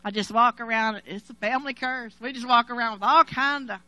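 A middle-aged woman preaching a sermon, telling a personal story dramatically, swinging from loud to hushed and laughing between lines. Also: a little high, brisk, no room sound, rough recording.

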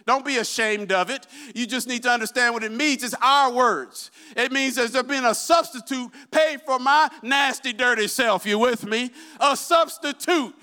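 A man's voice: very high voice, moderate pace, few pauses, pushed and bright, clear, resonant tone. A man preaching a sermon, constantly calling out to the congregation with questions and asking for amens. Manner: call-and-response, asks the congregation questions.

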